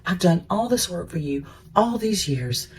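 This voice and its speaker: A man voicing a resentful, dutiful older son who complains to his father, with his pitch raised a little. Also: very animated, unhurried, darkish tone, slightly rough, exaggerated voice. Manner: complaining, aggrieved.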